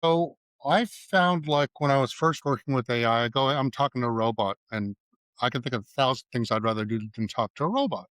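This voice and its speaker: A man's voice: mid-range voice, brisk, a bit bright, dry recording. A middle-aged man, an advertising writer, telling stories in a casual interview and acting out bits of dialogue. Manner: anecdotal, acts out dialogue in quotes. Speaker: guest, advertising writer and creative director.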